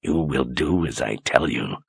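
A man voicing a cruel, zealous male inquisitor who speaks low and quietly through clenched teeth. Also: moderate pace, husky, no echo, clean studio sound. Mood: menacing.

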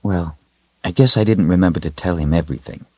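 A man's voice: low-pitched, brisk, breathy edge, no echo, lo-fi sound. A man voicing a stern young woman who scolds and explains. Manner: stern, admonishing.

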